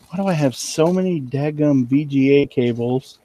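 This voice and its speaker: A man's voice: medium pitch, moderate pace, mellow, a little hiss or hum. A middle-aged man in a casual late-night stream chat. He talks in a folksy, rambling way and repeats his words. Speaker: reseller on a live stream.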